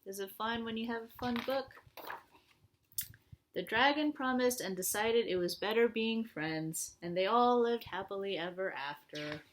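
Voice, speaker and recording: A woman in the role of children's librarian reads a picture book aloud to young listeners, her voice sitting a little high. She keeps a lively storytime lilt and slips into sing-song rhymes. A faint hiss sits under the recording. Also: unhurried.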